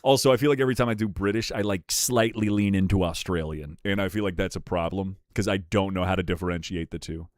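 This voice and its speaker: A man's voice: sits low, fast, few pauses, dry recording, studio quality. A young man streaming live, chatting casually with his chat, swearing freely and laughing often. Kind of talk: livestream chat reaction.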